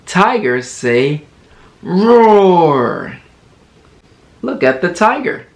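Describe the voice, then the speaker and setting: Male kids' entertainer and teacher; very slow, animated, encouraging delivery for toddlers. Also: fairly high pitch. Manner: slow, exaggerated, encouraging sing-song for toddlers; playfully imitates animal sounds. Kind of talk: children's educational video.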